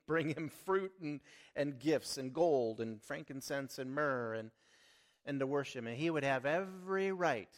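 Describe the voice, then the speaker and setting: A middle-aged man preaching a sermon, earnest and emphatic, with sudden swells and drops in volume. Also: fairly high pitch. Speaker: lay preacher.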